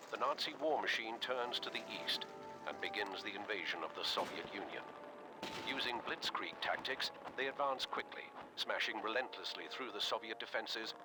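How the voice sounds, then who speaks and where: A man delivering grave, measured scripted narration for a war game's intro. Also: on the low side, noisy background, natural voice.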